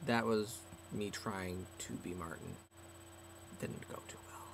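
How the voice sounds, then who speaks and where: A man's voice: low voice, slow, vocal fry, over loud music. A seventeen-year-old boy rambling casually to camera, self-mocking and trailing off, recorded in a small closet. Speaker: vlogger. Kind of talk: casual webcam vlog.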